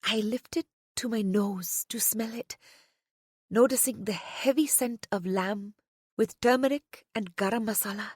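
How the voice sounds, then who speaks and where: A soft-spoken woman narrating a first-person romance audiobook, often dropping to a whisper. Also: mid-range voice, a little slow, breathy edge, no echo, studio quality.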